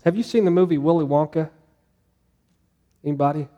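A man's voice: a little high, brisk, mellow, big-room sound, lo-fi sound. A man preaching a sermon to a congregation in a conversational way, asking them questions as he goes. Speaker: pastor.

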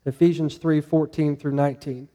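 A man's voice: a little high, fairly even intonation, moderate pace, warm tone, big-room sound. A man preaching a sermon to a congregation in a conversational way, asking them questions as he goes. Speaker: pastor.

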